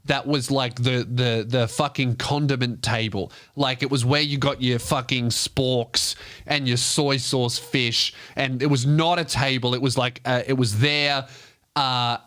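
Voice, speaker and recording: A man's voice: medium pitch, steady tone, measured pace, a bit bright. A man, hosting a comedy podcast and telling a loose, profane anecdote. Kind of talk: comedic storytelling.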